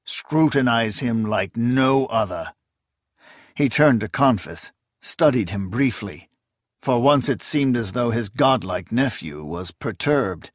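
A man reading a fantasy novel aloud in a measured, expressive style. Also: medium pitch, no room sound, studio quality. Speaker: audiobook narrator. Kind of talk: scripted fantasy narration.

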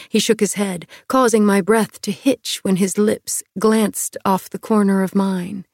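A young woman reading a first-person romance novel aloud, softening her voice at the intimate moments. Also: mid-range voice, steady tone, a little slow, no room sound, studio quality. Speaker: audiobook narrator.

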